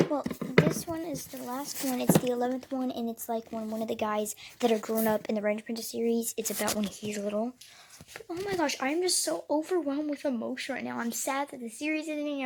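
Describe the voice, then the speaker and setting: A teenage girl with a high voice vlogs from her bedroom at home, gushing about finishing a book series. There's background noise, and she often whispers and exclaims "oh my gosh."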